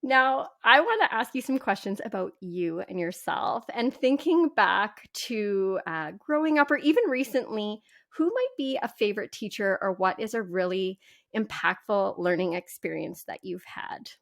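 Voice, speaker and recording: A woman's voice: mid-range voice, expressive, moderate pace, vocal fry, fairly bright tone. A woman hosting a podcast, asking her guest questions in a conversational way. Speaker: podcast host. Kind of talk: podcast interview.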